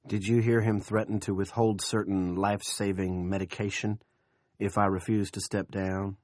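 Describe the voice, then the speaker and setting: A man's voice: on the low side, little pitch movement, normal speed, darkish tone, dry recording, studio quality, natural voice. A man playing a smug, oily town boss. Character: smug, menacing older male town boss.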